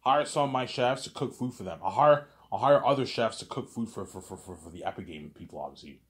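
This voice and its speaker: A man with a fairly low voice tells a long, rambling story in a casual monologue. He stumbles over repeated words and keeps tagging his sentences with filler questions. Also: expressive, fast. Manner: stammering repetitions, constant filler tags.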